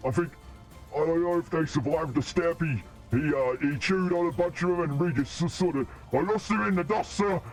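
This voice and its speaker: A man's voice: a little high, fairly quick, soft background music, lightly acted. A man playing a timid, hulking male ogre servant who stammers and apologizes. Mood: fearful.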